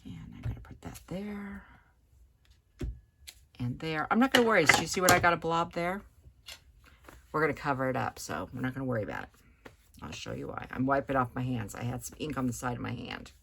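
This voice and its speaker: A woman giving a chatty, relaxed hands-on card-making tutorial, talking as she works at her craft table. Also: very deep voice, fast talker, gravelly, slight background noise. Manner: chatty, relaxed, talks while working. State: hiccups.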